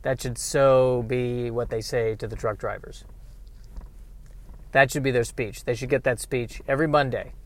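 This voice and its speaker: A man's voice: mid-range voice, fairly even intonation, normal speed. An American man in a car, rambling in casual chat with joking, self-mocking digressions. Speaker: vlogger.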